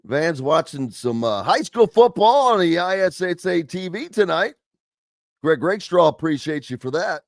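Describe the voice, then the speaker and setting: A man's voice: a little high, sing-song, moderate pace, dry recording, clean studio sound. Chatty male sports radio host. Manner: chatty, rambling, reads listener comments aloud. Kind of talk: casual sports talk radio.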